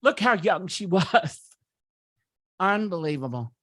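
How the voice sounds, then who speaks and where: In a high, sing-song, slightly bright voice, a man slowly gushes over a photo slideshow while hosting a virtual party at home. He's doing an exaggerated campy middle-aged male comedian impression, gleeful and giggly with chatty asides, in clean studio sound without echo.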